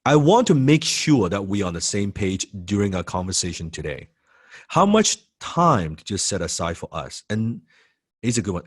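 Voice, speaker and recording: A male sales trainer teaches a lesson with a lively, swooping delivery. He hammers home key phrases by repeating them and slips into quick impressions of prospects. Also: on the low side, breathy edge.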